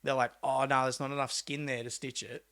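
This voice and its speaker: A young Australian man, a pro mountain biker, telling a story in a casual, animated way, acting out quotes with laid-back slang and swearing. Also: medium pitch, a little fast, vocal fry. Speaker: podcast guest, pro mountain bike rider.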